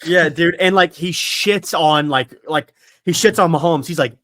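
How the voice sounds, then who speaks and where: A man hosts a football podcast in loose, rambling chat. He swears freely, laughs often and leans on filler words. His voice is bright and edgy, recorded close and dry with no room sound. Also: fairly high pitch, measured pace, no room sound. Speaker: podcast host.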